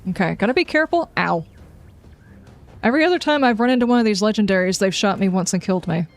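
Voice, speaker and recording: A woman's voice: medium pitch, animated, fast, slight background noise. A woman livestreaming a game, chatting casually and wryly with her viewers as she plays. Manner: chatty and wry, reacting aloud and answering chat. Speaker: gaming livestreamer. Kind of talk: casual live gameplay commentary, chatting with viewers.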